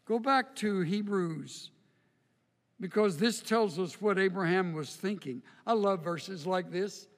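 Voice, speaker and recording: A man preaching in a long-reverb hall, with a high voice and an unhurried, measured pace. He builds to loud, emphatic peaks and then sinks low and slow. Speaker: pastor. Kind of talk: sermon.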